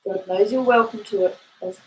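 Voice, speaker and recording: A woman reading aloud, voicing a kind, gentle male village blacksmith with a mild, simple way of speaking. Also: medium pitch, normal speed, natural voice, poor audio. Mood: kindly.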